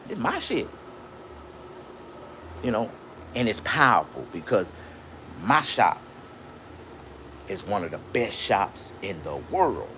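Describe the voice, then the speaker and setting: Animated, profane man ranting on a live stream. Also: a little hiss or hum. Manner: boastful, profane, rambling, jumps between loud bursts and low mutters. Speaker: livestreamer and shop owner. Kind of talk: casual live-stream rant. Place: indoors in his own shop.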